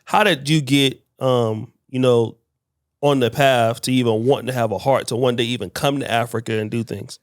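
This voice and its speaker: A man hosting a casual interview, chiming in often with quick words of agreement. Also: mid-range voice, fairly even intonation, no room sound, studio quality. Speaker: podcast host.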